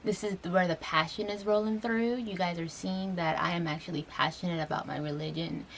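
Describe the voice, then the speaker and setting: A young woman in her twenties speaks earnestly to her camera at home, rambling through fillers and restarts. Her voice sits low and carries a gravelly fry. She sounds close to tears, over a faint hiss of background noise. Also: fairly even intonation, fairly quick. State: tearful, getting emotional. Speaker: vlogger. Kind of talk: personal vlog talk to camera.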